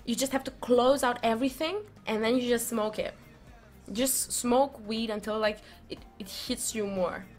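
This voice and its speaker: A young woman vlogging, telling a story in a rambling, animated way full of fillers and restarts. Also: a little high, normal speed, faint music behind. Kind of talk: casual storytelling.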